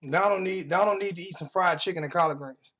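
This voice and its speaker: A man's voice: high-pitched, fast, fairly bright tone. A young man hosting a livestream from home, confrontationally trash-talking his chat and repeating phrases for emphasis. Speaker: livestream host. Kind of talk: heated livestream rant.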